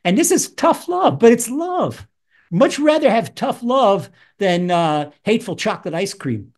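A man teaching Psalms as a rabbi, animated, acting out voices with wide swings in pitch. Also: measured pace. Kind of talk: Torah lesson.

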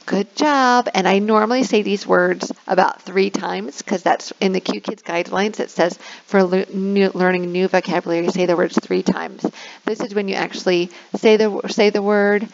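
A woman's voice: mid-range voice, little pitch movement, normal speed, gravelly. A young woman teacher who explains an online lesson step by step, with upbeat praise and a demonstration of drilling new words. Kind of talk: screen-recorded teaching tutorial. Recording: dull lo-fi sound.

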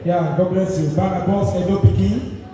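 A man with a Nigerian accent working as MC at a live show, hyping the crowd loudly and slipping into Pidgin. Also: high-pitched, steady tone, moderate pace. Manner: loud, rousing, mixes in Pidgin. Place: live show venue in London. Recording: echoey hall from far off, loud crowd.

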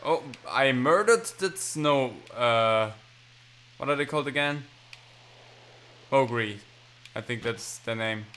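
A man's voice: medium pitch, slow pace, pauses often, fairly bright tone, slight background noise. A man giving casual, rambling, self-mocking commentary while he plays a video game. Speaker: gaming channel host. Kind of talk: casual let's-play commentary.

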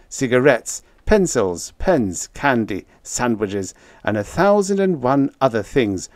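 Expressive male audiobook narrator. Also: medium pitch, no echo, clean studio sound. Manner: expressive storytelling. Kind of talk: scripted narration.

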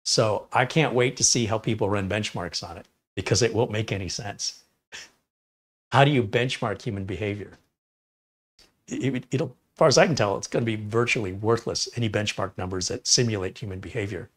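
A man's voice: lowish voice, a little fast, husky. A man hosting a live tech stream, reading viewer chat and giving opinionated, enthusiastic answers. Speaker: livestream tech host.

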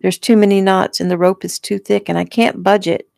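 A woman's voice: medium pitch, level tone, fairly quick, creaky, a little mellow, dry recording, clean studio sound. A woman reading as a frightened young rescuer. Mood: anxious.

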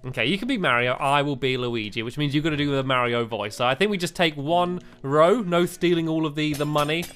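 A woman's voice: sits low, brisk, a bit bright, faint music behind. A woman hosting a casual gaming session, giggling often and rambling with fillers as she reads out rules. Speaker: host.

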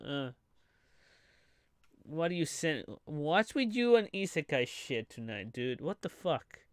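A man live-streaming his reaction to a trailer, animated and profane, laughing often. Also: fairly high pitch, takes it slowly, clean tone, no echo, studio quality.

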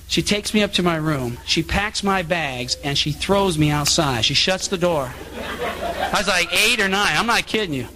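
A middle-aged man giving a sermon-style public talk, animated and acting out the voices of people in his stories. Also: high voice, moderate pace, slight background noise. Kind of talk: sermon with anecdotes. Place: meeting hall.

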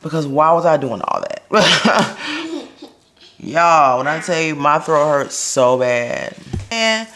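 A woman vlogging casually from her kitchen at home, her voice hoarse and raspy from a sore throat, chatting straight to her viewers and laughing often. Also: low voice, lively intonation, takes it slowly, fairly bright tone, a little hiss or hum. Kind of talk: casual vlog chat.

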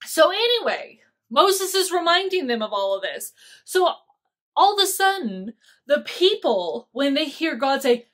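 A woman's voice: high voice, measured pace. Chatty woman retelling Bible stories. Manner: chatty, animated storytelling with slang. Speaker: Bible teacher. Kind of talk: casual Bible study retelling.

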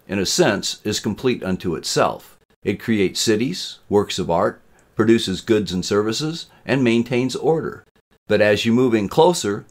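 A man voicing a calm robot classroom instructor with a resonant baritone and a measured, lecturing manner.

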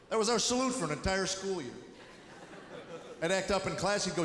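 Wry middle-aged comedian in an echoey hall. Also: male voice, high-pitched, expressive. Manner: wry storytelling with quick voiced asides. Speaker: stand-up comedian. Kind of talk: stand-up routine. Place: large hall with live audience. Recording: echoey hall, audible room noise.

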